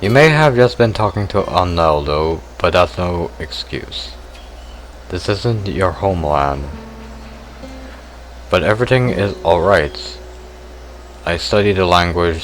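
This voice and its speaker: Slow, low-voiced man reading a game. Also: expressive. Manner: slow, subdued, deliberate reading. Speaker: let's play gamer. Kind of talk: reading a visual novel aloud. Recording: game music playing behind.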